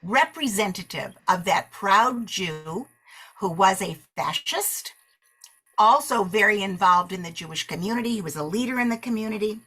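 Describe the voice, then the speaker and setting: A woman leading a book club discussion, animated and acting out the characters' lines as she retells the story. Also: medium pitch, moderate pace, slightly rough.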